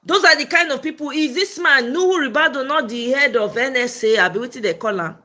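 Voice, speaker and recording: A woman's voice: high-pitched, brisk, pushed and bright. A Nigerian woman hosting a political livestream, slipping between English and Pidgin. She greets viewers by name and scolds commenters bluntly. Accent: Nigerian, mixing Pidgin. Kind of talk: casual live-stream commentary, reading and answering viewer comments.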